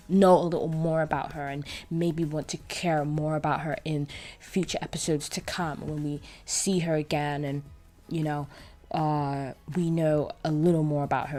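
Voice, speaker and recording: A young woman casually reviewing a cartoon episode, chatty and animated, full of fillers and restarts. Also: low-pitched.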